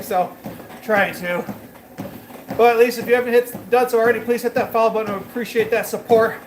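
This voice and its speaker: Chatty high-voiced man on a treadmill. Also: roomy sound, noisy background. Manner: loose and rambling, many fillers. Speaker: fitness livestreamer. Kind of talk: casual chat while working out, talking to viewers.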